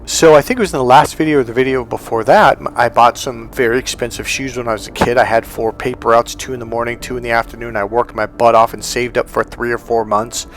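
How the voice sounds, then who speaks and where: A man speaking as a relationship coach in a motivational monologue, telling stories with animated delivery. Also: medium pitch, fast talker, few pauses, soft background music. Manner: animated storytelling, acting out dialogue.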